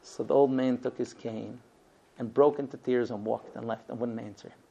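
A man's voice: mid-range voice, steady tone, normal speed, vocal fry, warm tone, breathy edge. A man giving a Torah lesson, telling a story with many ums and uhs. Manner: hesitant, frequent ums and uhs. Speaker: Torah teacher. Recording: dull lo-fi recording.

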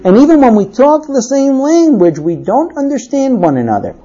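A woman tells an anecdote in a lively, animated way. Her voice is fairly high, husky and mellow, and the recording sounds dull and lo-fi. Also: moderate pace. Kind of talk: storytelling talk.

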